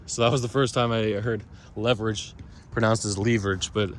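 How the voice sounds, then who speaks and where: A man's voice: lowish voice, steady tone, brisk, slight background noise. A man vlogging about crypto and his day in a loose, digressive monologue full of restarts and asides. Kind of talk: casual rambling monologue.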